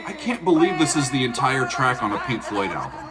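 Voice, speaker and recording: A man's voice: mid-range voice, very animated, brisk, a loud crowd. A man, hosting a casual music reaction video, chatty and joking, often laughing.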